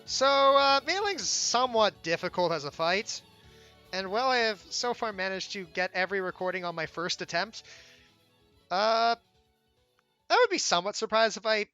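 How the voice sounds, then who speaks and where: A young man giving casual gameplay commentary as the game's developer, relaxed and self-deprecating, often restarting his sentences. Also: sits high, moderate pace, smooth. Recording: game music playing faintly behind.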